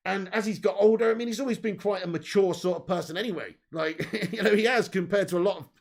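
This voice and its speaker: Talking fast with vocal fry in a high voice, this fan channel host runs a live stream. He goes through viewer comments casually, swearing freely and laughing a lot.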